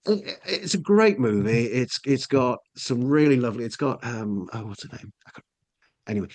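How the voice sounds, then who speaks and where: A man's voice: mid-range voice, expressive, moderate pace, a little mellow. A middle-aged English man telling a long personal story as a podcast guest, rambling with lots of restarts and fillers. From England. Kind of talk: casual storytelling.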